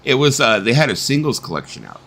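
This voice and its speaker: A man's voice: medium pitch, big pitch swings, fast, gravelly, fairly bright tone. A middle-aged man hosting a casual live-stream chat, swearing freely, laughing often and slipping into voices when he tells stories. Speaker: host.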